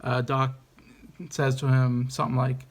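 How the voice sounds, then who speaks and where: A man's voice: mid-range voice, monotone, a little slow. A man giving a casual, enthusiastic movie review, hesitant and rambling with many ums and restarts.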